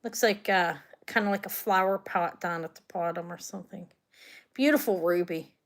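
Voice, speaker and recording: Hosting a live online jewelry sale, a woman with a lowish voice chats at a moderate pace. Her talk is loose and rambling, and she often trails off mid-sentence and starts again.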